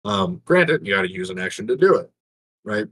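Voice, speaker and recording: A man's voice: medium pitch, big pitch swings, fairly quick, vocal fry, fairly bright tone, breathy edge, no echo, poor audio. A man casually explaining game tactics, filling his talk with "um" and "right?". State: has the hiccups. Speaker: guest game analyst. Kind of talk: casual gaming chat.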